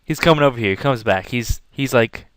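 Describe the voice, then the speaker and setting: A man's voice: mid-range voice, brisk. A young man telling a rambling, casual story to camera while drawing, acting out scenes as he goes. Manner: rambling, animated, acts out yelling. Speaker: vlogger.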